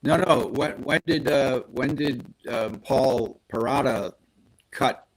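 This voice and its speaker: A man's voice: medium pitch, slow, low-quality recording. A man on a podcast, casually retelling a story with animation and acting out the quoted lines. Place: podcast studio.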